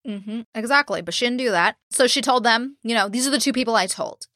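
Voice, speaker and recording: A woman's voice: on the high side, a little fast, pushed and bright, no echo, studio quality. Blunt, swearing true-crime podcast woman. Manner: blunt, swears freely, acts out quoted people. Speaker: podcast co-host.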